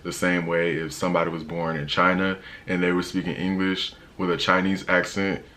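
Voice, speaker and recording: Young american man, very low voice, casual slangy vlog chat, emphatic. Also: flat delivery, normal speed, sharp tone. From United States. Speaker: travel vlogger.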